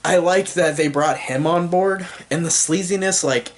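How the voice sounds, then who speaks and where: A man's voice: a little high, moderate pace. A young man giving a casual, enthusiastic movie review, rambling with lots of fillers.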